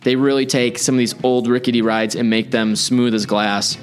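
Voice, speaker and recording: A man's voice: mid-range voice, fairly even intonation, moderate pace, soft background music. Chatty, rambling man hosting a podcast. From Chicago area. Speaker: podcast host. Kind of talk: casual podcast chat.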